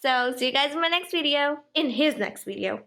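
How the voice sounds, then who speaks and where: A woman's voice: high voice, lively intonation, fairly quick, fairly bright tone, reverberant, low-quality recording. A young woman filming her pet parrot at home, coaxing and cooing at it in a giggly baby-talk voice. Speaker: parrot owner and vlogger. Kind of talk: casual vlog talking to a pet.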